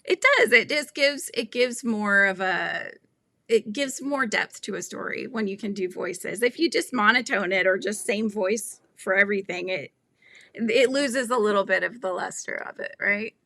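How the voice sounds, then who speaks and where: Chatty woman with a gravelly bright voice. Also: mid-range voice, moderate pace, no echo. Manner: rambling, chatty, laughs often. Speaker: children's book author hosting a live stream. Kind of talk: casual live-stream chat.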